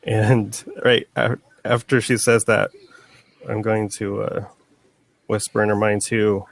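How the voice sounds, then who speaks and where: Low gravelly male player. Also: little pitch movement. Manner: deliberate, describes actions in first person. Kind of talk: playing a tabletop game.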